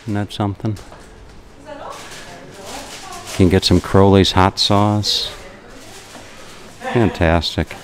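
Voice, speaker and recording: A man's voice: on the low side, huge pitch swings, extremely slow, long pauses. A man filming a casual travel vlog in a roadside café, chatty and enthusiastic, rambling with restarts. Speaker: travel vlogger.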